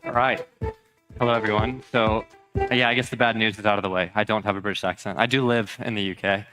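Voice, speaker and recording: A man giving a measured, informative research talk on a conference stage. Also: fairly low pitch, fairly even intonation, over music. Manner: measured, informative, slightly formal. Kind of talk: conference presentation.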